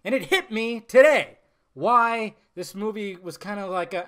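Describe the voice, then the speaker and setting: A man giving a casual, blunt film review, swearing freely and talking in an animated way. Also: high voice, a little slow.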